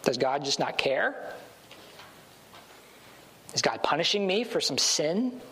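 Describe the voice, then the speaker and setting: A man's voice: on the high side, very animated, takes it slowly, pushed and bright, slight background noise, rough recording. A male pastor preaching a sermon in a conversational way, sometimes acting out the voices he quotes.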